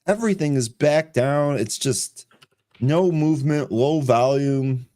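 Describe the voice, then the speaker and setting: A man's voice: medium pitch, measured pace, mellow. A man co-hosting a live trading show, chatting casually in a weary, complaining way. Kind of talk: casual chat.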